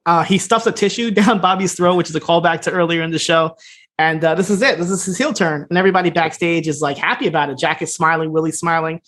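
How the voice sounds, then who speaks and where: A man co-hosting a casual podcast, talking fast as he recaps an episode. He acts out the characters' lines in a lively retelling, laughing as he goes. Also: on the high side. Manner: fast, animated retelling with laughs and acted-out quotes. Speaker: podcast co-host.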